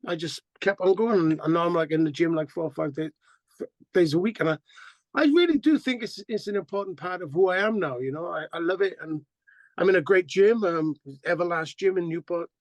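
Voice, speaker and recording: Middle-aged man, high voice, dry close sound, animated profane storyteller. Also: brisk, no room sound. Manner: animated, profane, acts out quotes. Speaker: band singer, interview guest. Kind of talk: casual interview storytelling.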